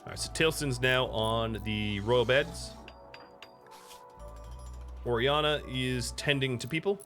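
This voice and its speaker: An American man streams a game and chats casually, talking to viewers and to his pet between moves. His mid-range voice is fairly bright and slow, with faint music behind him.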